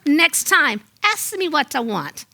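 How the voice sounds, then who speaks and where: A woman's voice: high voice, big pitch swings, takes it slowly, pushed and bright, no echo, pitched above the performer's own voice, exaggerated voice. A woman voicing a stern older mother with a Jamaican accent, curt and sarcastic. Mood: dismissive.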